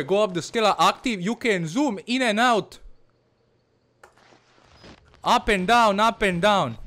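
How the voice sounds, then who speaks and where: A man with a high-pitched voice narrates a horror game as a comedic persona. He slips between halting English and his own language, swearing and muttering under his breath. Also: fairly bright tone. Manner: broken English mixed with Bosnian, frequent swearing, nervous muttering. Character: fearless-boasting Balkan village man persona. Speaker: gaming channel host. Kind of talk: comedic let's-play commentary.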